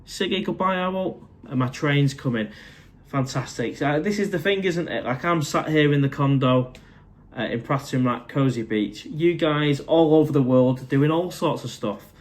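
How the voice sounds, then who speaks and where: A man's voice: a little high, normal speed. A middle-aged man with a Mancunian accent chats casually on a live stream from his condo. He reads out and answers viewers' comments in a friendly, matey way, calling people mate as he goes. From Manchester, England. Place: condo indoors.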